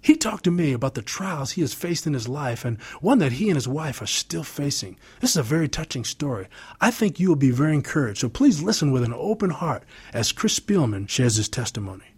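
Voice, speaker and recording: Husky-voiced male show host. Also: on the high side, sing-song, fairly quick, hardly any pauses, darkish tone. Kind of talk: interview and prayer.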